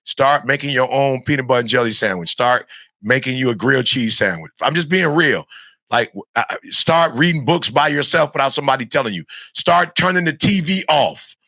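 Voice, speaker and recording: Gravelly, bright-voiced preacher man. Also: mid-range voice, lively intonation, a little fast, no echo, studio quality. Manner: emphatic and repetitive, preacher-like. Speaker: motivational speaker. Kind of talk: motivational talk to young students.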